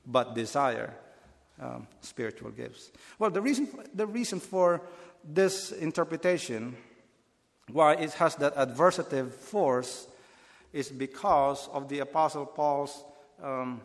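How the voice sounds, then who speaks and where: A man's voice: fairly high pitch, a little slow, big-room sound. A man preaching a Bible teaching sermon, earnest and explanatory, often restarting his phrases.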